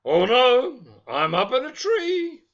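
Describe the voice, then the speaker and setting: A man voicing a cheerful, optimistic little toy teddy bear that squeals with excitement. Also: extremely high pitch, takes it slowly, gravelly, dull audio, voice pushed up, exaggerated voice. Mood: excited.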